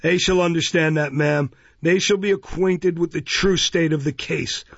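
A pompous, blustering parish beadle, as a man puts him on for a storybook reading, barking his words in a raised, gravelly voice. The recording is dry and dull. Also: fairly high pitch, measured pace, no room sound, voice pushed up, heavily acted. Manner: blustering, loud and imperious. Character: pompous bullying male parish beadle, middle-aged.

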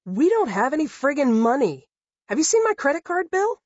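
Guy doing a sarcastic woman, pitched way up, breathy and fed up, storybook voice. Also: a little fast, no echo, lo-fi sound. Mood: exasperated. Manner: blunt, sarcastic. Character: exasperated, sharp-tongued young woman.

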